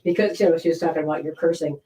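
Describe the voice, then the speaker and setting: A woman's voice: sits low, rapid-fire, warm tone, poor audio. A woman co-hosting a live podcast stream, chiming in with short remarks and reading out viewer comments. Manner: brief interjections, reads out viewer comments. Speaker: co-host. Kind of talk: casual live-stream chat.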